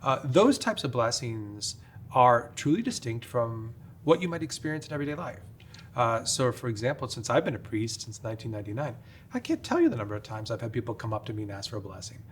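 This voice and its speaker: A middle-aged man, a priest, explains things in a measured, careful way, with many small pauses and fillers. His voice sits at an ordinary pitch, and a faint rumble runs under the podcast recording. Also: very animated. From upstate New York. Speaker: priest, guest.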